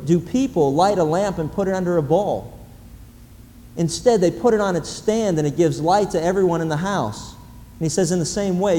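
Guy preaching a sermon, kinda high voice but mellow, lots of hall reverb. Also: slight background noise. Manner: animated, repetitive emphasis, rising to loud exclamations. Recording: long reverb in a large hall, faint ambience.

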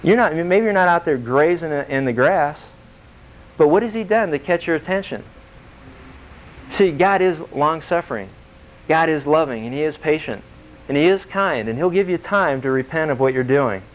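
A man preaching a sermon in a conversational, animated way, asking the congregation questions and acting out quotes in shifting voices. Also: fairly high pitch, normal speed, low-quality recording. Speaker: pastor.

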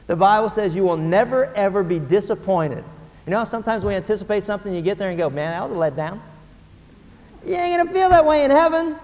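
High-voiced preaching man in a reverberant hall. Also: quick pace. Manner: animated preaching, swings from hushed to shouting. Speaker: pastor. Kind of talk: sermon.

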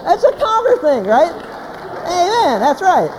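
A man, a pastor, giving a humorous sermon as an animated, joking storyteller. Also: very high-pitched, unhurried. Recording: hall reverb, faint background noise.

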